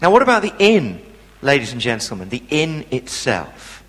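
A man's voice: medium pitch, sing-song, moderate pace, a bit bright, big-room sound, low-quality recording. A man preaching a sermon, telling a story with animation and asking the congregation questions.

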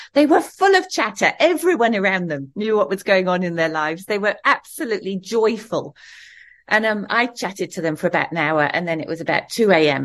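A middle-aged woman preaching a sermon, telling a personal story in a warm, conversational way and laughing now and then. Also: on the low side.

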